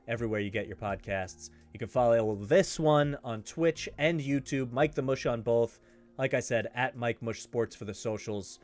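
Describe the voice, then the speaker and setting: A man hosting his own sports betting show, talking casually and hammering his points home by repeating them. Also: mid-range voice. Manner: emphatic, repeats himself for stress. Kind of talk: casual betting picks talk.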